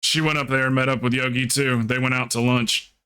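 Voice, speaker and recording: A man from the American South with a mild Southern accent, telling stories in a relaxed, rambling way during a casual stream chat. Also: medium pitch, brisk, smooth.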